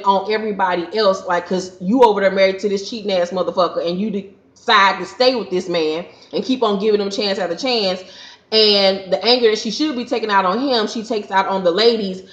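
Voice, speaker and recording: A woman's voice: mid-range voice, moderate pace, highs cut off. Sassy, foul-mouthed woman in a roomy recording. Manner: blunt, sassy and heavily profane. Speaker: reality TV recap vlogger. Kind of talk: casual, opinionated episode recap.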